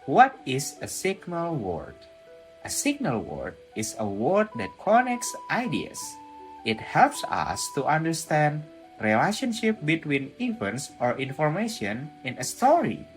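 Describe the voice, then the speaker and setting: Man teaching an English lesson, slow. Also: a little high, wildly swooping pitch, rough recording. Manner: patient, explaining. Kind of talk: classroom lesson. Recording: soft guitar music behind.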